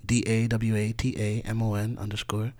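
Soft-spoken man, podcast guest. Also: fairly low pitch, level tone, moderate pace. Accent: Trinidadian. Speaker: guest musician. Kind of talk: casual podcast chat.

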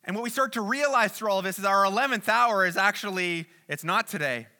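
A man with a high, very bright and forceful voice preaches a sermon. He talks earnestly, climbing to loud, urgent peaks and then sinking to quiet, hushed passages. His tone stays sharp and ringing throughout. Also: brisk. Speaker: pastor.

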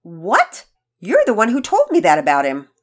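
A woman reading a storybook and voicing a loud, indignant little sister. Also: fairly low pitch, huge pitch swings, normal speed, breathy edge, exaggerated voice. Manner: loud and sassy.

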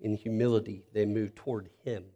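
Man, pastor, sermon, lowish voice, mellow dark tone, earnest, softens to near hush on personal appeals. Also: steady tone, a little fast, highs cut off. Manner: earnest, drops to soft intimate tone when appealing to listeners.

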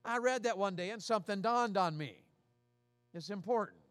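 Folksy pastor, high dry voice. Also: male voice, moderate pace, a bit bright, no echo, soft background music. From Tennessee. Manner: folksy, repetitive, calls out questions to the congregation. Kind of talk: sermon.

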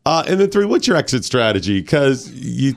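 A man hosts a political talk radio show, with a voice that sits in an ordinary middle range. He builds his case step by step, numbering his points. He keeps putting sharp rhetorical questions to his listeners. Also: mid-range voice, very animated, normal speed.

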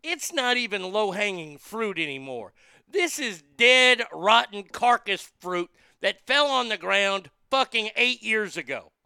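A man's voice: high-pitched, sing-song, a little slow, vocal fry, pushed and bright, clean tone, no room sound. A man hosting a show, ranting angrily with heavy swearing. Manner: profane, heated, swearing often. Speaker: host. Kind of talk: angry commentary rant.

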